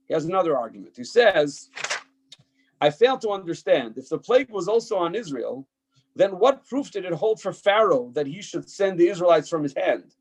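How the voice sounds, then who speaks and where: A man's voice: on the high side, darkish tone, low-quality recording. A man teaching a Torah text class as a rabbi, reading passages aloud and explaining them emphatically with frequent fillers and restarts. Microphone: checks if listeners can hear him.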